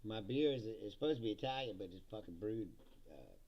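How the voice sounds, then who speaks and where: A man's voice: on the low side, animated, a little fast, darkish tone, dull audio. A man hosting a livestream, giving a casual, profane political rant with sarcastic asides and chuckles at his own jokes.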